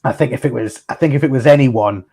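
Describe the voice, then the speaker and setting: A man's voice: medium pitch, quick pace, vocal fry, mellow, slightly rough. A man hosting a casual podcast chat, telling stories in a rambling, chatty way. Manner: chatty storyteller, frequent restarts and laughs. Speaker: podcast host.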